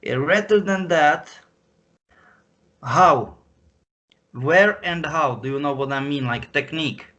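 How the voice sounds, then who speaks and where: Slow, halting man on a call. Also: on the high side, sharp tone, dull audio. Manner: halting, searching for words. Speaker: guest. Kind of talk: casual online chat. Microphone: video call.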